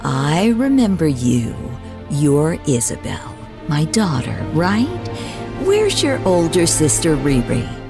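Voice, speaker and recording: A woman voicing an elderly aunt whose memory is still recovering, speaking slowly and haltingly with gentle questions. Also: low voice, very animated, gravelly, music in the background, voice pushed down, heavily acted. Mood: tender, unsure.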